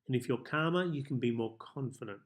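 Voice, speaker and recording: A man coaching viewers in a self-help tips monologue, speaking calmly and measuredly with deliberate pauses. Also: mid-range voice. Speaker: life coach.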